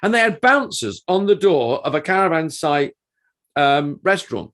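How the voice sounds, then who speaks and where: Male co-host, middle-aged, animated yarn-spinner, lively upper voice. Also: on the high side, normal speed. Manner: animated storytelling with restarts. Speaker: podcast co-host and touring performer. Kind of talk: casual podcast chat.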